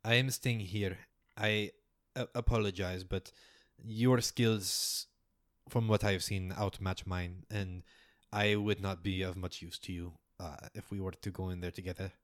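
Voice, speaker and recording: A man voicing a formal, mysterious male scholar who guides the party, speaking in a measured, somewhat hesitant way. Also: low-pitched, steady tone, no room sound, clean studio sound. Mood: earnest.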